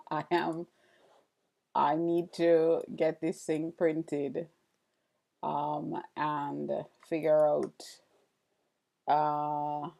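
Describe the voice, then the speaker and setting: Slow, gravelly-voiced woman chatting. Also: low voice, level tone, mellow. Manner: chatty, greets viewers, laughs often. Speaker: livestream host. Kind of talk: casual live-stream chat while carving.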